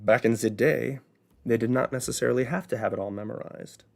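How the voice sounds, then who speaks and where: A man's voice: mid-range voice, fairly even intonation, fairly quick, vocal fry. Chatty man with a Chicago accent. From Midwest, Illinois. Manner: chatty, asks and answers his own rhetorical questions. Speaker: host. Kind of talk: casual educational monologue.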